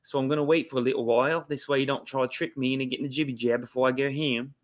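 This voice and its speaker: A man's voice: mid-range voice, fairly even intonation, rapid-fire, close to an everyday voice. A man putting on a playful mock Australian accent for a comedy show, mixing a British sound with a Southern drawl. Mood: joking.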